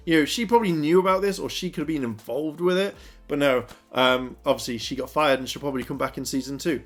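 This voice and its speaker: Rambling man recapping an episode. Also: a little high. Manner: rambling, filler-heavy retelling. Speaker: TV episode reviewer.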